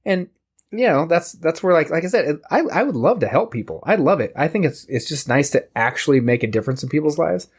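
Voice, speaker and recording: A man's voice: fairly high pitch, expressive, a little fast, slightly rough. Earnest man on a casual podcast. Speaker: podcast co-host.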